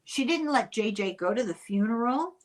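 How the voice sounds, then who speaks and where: In an animated, somewhat high voice, an older podcast host tells true-crime stories casually. Her manner is chatty and unhurried, with dry asides.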